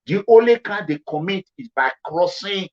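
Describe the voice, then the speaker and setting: A man's voice: expressive, normal speed, darkish tone. Emphatic Nigerian man with a lo-fi sound. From Edo State, Nigeria. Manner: repetitive, emphatic, swings between low and high pitch. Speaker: commentary vlogger. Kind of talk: emphatic commentary. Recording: dull lo-fi sound.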